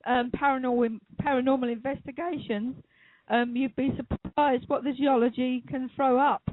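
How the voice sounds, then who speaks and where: High-voiced woman on a phone line. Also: fairly even intonation, moderate pace, slight background noise. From United Kingdom. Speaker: guest expert. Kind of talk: casual interview chat. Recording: dry, phone-like call audio.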